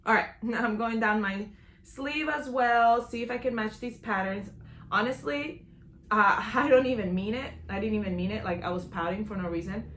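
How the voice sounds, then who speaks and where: A woman's voice: a little high, normal speed, fairly bright tone. A young woman hosting a sewing tutorial, bubbly and self-teasing, talking as she works at a serger. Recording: roomy echo, faint machine noise.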